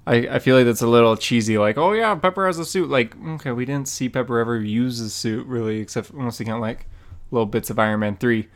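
Young man, podcast co-host, casual chat, animated, laughs a lot, middle pitch. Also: fast talker, smooth. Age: young adult. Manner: animated, laughs often, mock voices.

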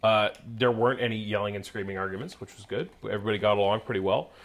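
Podcast co-host: young man, slightly low pitch, loose and self-deprecating. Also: quick pace. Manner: rambling, self-deprecating, lots of fillers. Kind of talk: casual podcast chat.

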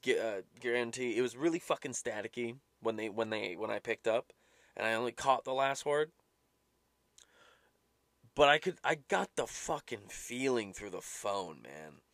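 A man's voice: medium pitch, animated, normal speed, fairly bright tone, no room sound. A young man ranting casually and profanely as a podcast host, exasperated and swearing often. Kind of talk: casual rambling rant.

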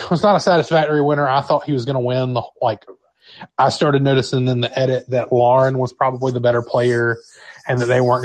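Animated male podcast co-host. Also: mid-range voice, no room sound. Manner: enthusiastic, talkative, acts out quotes. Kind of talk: casual chat.

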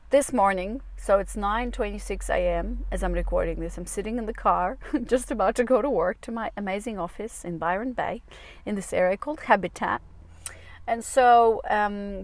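A woman's voice: mid-range voice, dry recording. Candid swearing woman podcaster, dry car sound. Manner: confessional, rambling, swears freely. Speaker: podcast host and dating coach. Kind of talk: candid solo podcast monologue. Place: parked car. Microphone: small clip-on mic on a phone.

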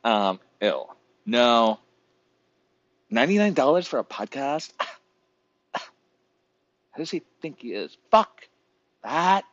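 A man's voice: mid-range voice, big pitch swings, slow, pauses often, no echo, dull audio, voice pushed up. A man putting on the voice of a sassy, dismissive male hairstylist in a mocking tone. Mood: scoffing. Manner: mocking, scoffing.

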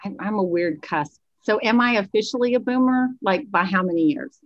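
A woman's voice: mid-range voice, animated, fairly quick, no room sound, highs cut off. A woman in her fifties, a guest expert chatting casually on a podcast, talking chatty and self-deprecating.

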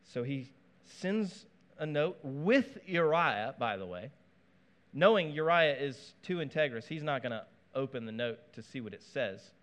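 A man preaching a sermon in a conversational, animated way, with asides and playful touches. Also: medium pitch, unhurried. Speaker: pastor.

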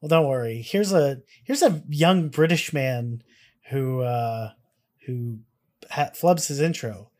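A man's voice: mid-range voice, animated, slow, darkish tone. A man co-hosting a casual reaction show, talking in a laid-back and wry way. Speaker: co-host.

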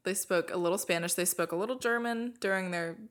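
A woman co-hosting a casual chat podcast, joking playfully and riffing along with her partner. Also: lowish voice. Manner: playful, quick to joke and giggle along. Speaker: podcast co-host.

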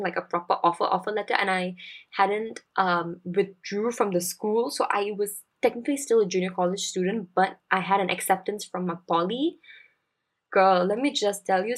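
A woman's voice: mid-range voice, fairly bright tone. A young woman in her twenties with a Singaporean English accent, telling a personal story as a podcast host in a chatty, confiding way.

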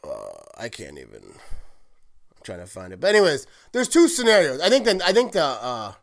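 A man hosting a solo sports podcast, rambling and excited, often correcting himself and laughing at his own slips. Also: a little high, normal speed. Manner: rambling, heavy use of "like", self-correcting. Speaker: podcast host.

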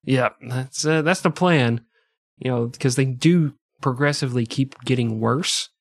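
A man hosting a podcast, telling a history story casually, with sarcastic, profane, deadpan jokes. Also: mid-range voice, unhurried. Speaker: podcast host.

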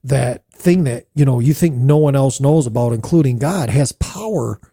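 A middle-aged man hosting a church podcast discussion, animated and playful, firing off rhetorical questions. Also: mid-range voice, normal speed, slightly rough. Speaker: host.

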